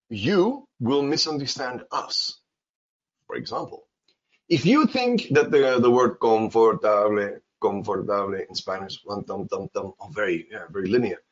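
Animated man teaching English pronunciation. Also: high-pitched. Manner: animated, repeats words for emphasis. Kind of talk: casual spoken lesson. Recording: dull lo-fi sound.

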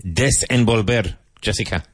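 Deep-voiced male teacher running drills. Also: a little hiss or hum. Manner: brisk, encouraging drill patter. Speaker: English teacher. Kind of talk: classroom vocabulary drill.

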